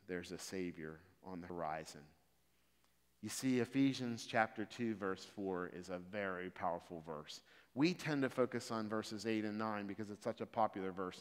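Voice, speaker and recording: A man preaching a sermon, moving from calm explanation of scripture to loud, emphatic exhortation. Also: on the low side. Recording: reverberant hall.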